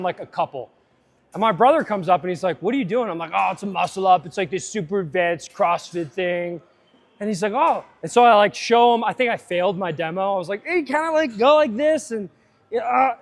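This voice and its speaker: A man coaching a live fitness seminar, upbeat and chatty, drifting into side tangents. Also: high voice.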